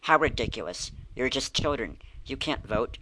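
A man reading aloud, voicing a sharp, scheming older woman in a children's mystery book. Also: medium pitch, expressive, normal speed, a little hiss or hum, low-quality recording. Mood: indignant. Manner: curt and defensive.

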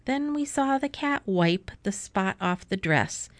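A woman reading a rhyming children's book aloud in an expressive, rhythmic way. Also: mid-range voice, measured pace, dry recording. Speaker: storyteller.

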